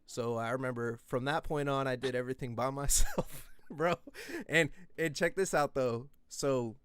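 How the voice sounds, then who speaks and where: A man in his twenties telling rambling, profane stories in casual podcast chat, breaking into yelled quotes. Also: medium pitch, normal speed, clear, resonant tone. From US West Coast. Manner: rambling, profane, animated, yelling out quoted lines.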